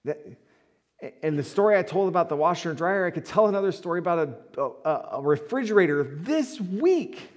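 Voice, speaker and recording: Animated male preacher telling stories. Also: sits high, brisk. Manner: animated, swinging between soft asides and loud peaks. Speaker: pastor. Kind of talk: sermon with storytelling.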